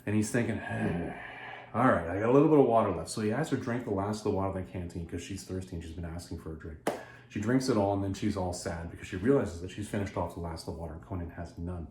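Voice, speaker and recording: A man's voice: deep voice, fast talker, background noise. A man hosting a video, recapping a story in a chatty, digressive way and correcting himself as he goes. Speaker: video host. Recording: echoey room.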